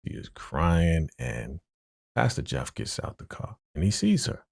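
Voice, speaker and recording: Guy recapping a show, husky and gravelly, dry close sound, super lively pitch. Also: a little slow, no echo. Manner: animated, slangy, keeps saying "you know". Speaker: TV episode reaction host. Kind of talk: casual recap chat.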